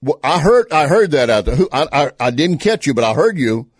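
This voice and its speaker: A man's voice: on the high side, sing-song, brisk, breathy edge, no room sound, studio quality. A man with a Texas accent giving sarcastic political commentary on video clips. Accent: Texan. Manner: sarcastic, scornful.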